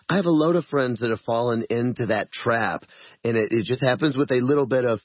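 A man's voice: medium pitch, brisk, no echo, highs cut off. A man who is a musician, a guest in a casual interview, speaking in an earnest, reflective way.

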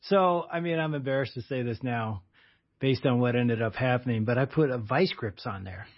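A man's voice: medium pitch, moderate pace. A man in his sixties co-hosting a radio talk show as a pastor, chatting casually with teasing interjections. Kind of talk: casual conversational chat. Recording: dull lo-fi sound.

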